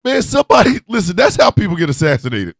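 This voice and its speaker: A man's voice: sits high, sing-song, quick pace, creaky, a bit bright, dry recording, studio quality. A man hosting an online radio show, ranting comically with profanity and constant cackling laughter. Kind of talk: loose comedic rant with chat.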